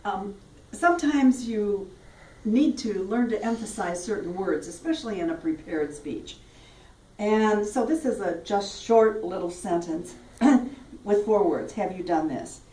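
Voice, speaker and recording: A woman's voice: medium pitch, animated, a little slow, mellow. A woman coaching speech students, friendly and demonstrative as she leads tongue twisters and emphasis drills. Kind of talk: instructional talk. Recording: roomy sound from a distant mic.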